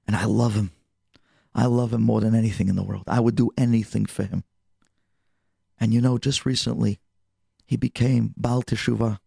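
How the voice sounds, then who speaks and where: A man voicing a gentle eighty-seven-year-old man who speaks softly and earnestly. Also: fairly low pitch, fairly even intonation, moderate pace, gravelly, pauses often, husky, no room sound, clean studio sound, full character voice. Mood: tender.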